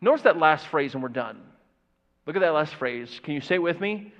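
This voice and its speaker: A man preaching a sermon to a church audience, animated and engaging, asking them questions and putting on the voices of doubters. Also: on the high side, fairly quick, in a large hall. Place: church sanctuary. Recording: dull, muffled church audio recording.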